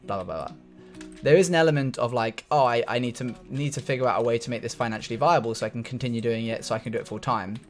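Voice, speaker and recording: A young man streams from a room at home and talks casually with his viewers. He reads their comments aloud and tosses in jokey asides. Faint music plays behind his mid-pitched voice. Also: fast. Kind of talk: casual live-stream chat.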